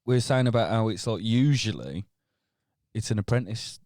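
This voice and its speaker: A man's voice: on the low side, animated, normal speed, darkish tone, no echo, clean studio sound. A man co-hosting a podcast in casual, sweary, jokey banter. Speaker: podcast co-host. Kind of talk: casual chat.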